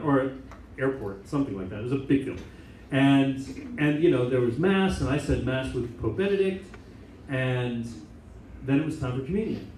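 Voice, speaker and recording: An American man, a Catholic priest and chaplain, giving an informal talk to a student group and telling stories with lively asides. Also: medium pitch, slight background noise. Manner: animated storytelling with many asides and laughs. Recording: echoey room, mic at a distance.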